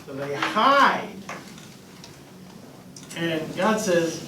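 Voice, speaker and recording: A man, a pastor, teaching a Bible class in a conversational, animated way. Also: a little high, very slow, long pauses. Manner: conversational, animated, acts out voices and laughs. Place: church classroom. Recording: echoey room, voice from a distance, faint noise.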